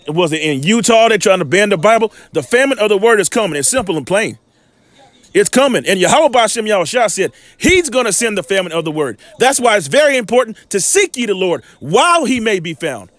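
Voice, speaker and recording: A man's voice: high-pitched, sing-song, a little fast, fairly bright tone, no room sound. A man giving informal scripture teaching, reading verses aloud and breaking in with emphatic rhetorical questions. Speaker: Bible teacher.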